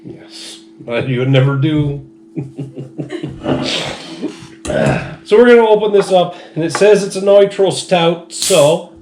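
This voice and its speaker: A man's voice: on the high side, slow, pauses often, darkish tone. Chatty man reviewing beer, echoey room. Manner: joking, chatty, describes beer with relish. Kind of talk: casual beer review chat. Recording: echoey room with faint noise.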